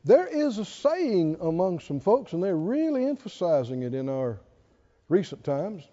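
A man preaching a sermon, swinging between loud, animated calls and hushed asides. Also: high-pitched, unhurried, highs cut off. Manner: animated preaching, mimics whiny voices and swings from shouting to hushed.

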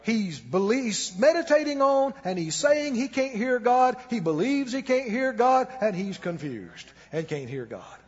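A man's voice: very high-pitched, sing-song, measured pace, few pauses, slightly rough, in a large hall, lo-fi sound. A male pastor preaching a sermon in a church, emphatic and urging the congregation to repeat his words aloud. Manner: emphatic, calls the congregation to repeat after him. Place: church sanctuary.

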